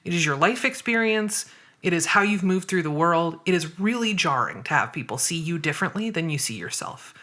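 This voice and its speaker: A woman's voice: lowish voice, expressive, brisk, a bit bright. A woman guest on a podcast interview, explaining her views thoughtfully and step by step. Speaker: guest writer and activist.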